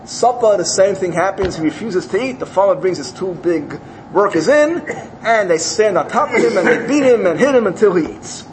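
A man with a fairly high voice tells a parable in a religious talk. He narrates with animation and slips into the characters' voices. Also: normal speed, a crowd in the background, poor audio. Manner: animated storytelling, acts out characters.

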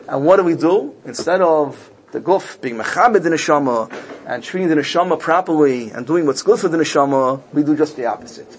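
A man delivers a sermon built around a parable, in a fairly high voice. He tells the story with animation, jumping up in pitch to act out the people in it. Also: brisk, low-quality recording. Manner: animated storytelling, voicing characters with big pitch jumps. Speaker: rabbi.

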